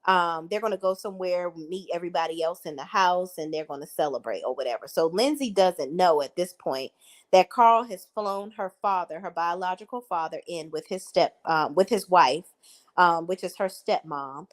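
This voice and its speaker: A woman's voice: on the low side, normal speed. A woman giving blunt, opinionated reality TV recap commentary as a vlogger.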